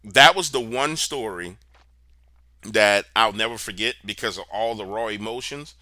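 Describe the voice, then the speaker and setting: A man's voice: on the low side, moderate pace, pushed and bright, no echo. A man being interviewed, telling a story in a casual, slangy, emphatic way. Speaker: interview guest, paranormal researcher.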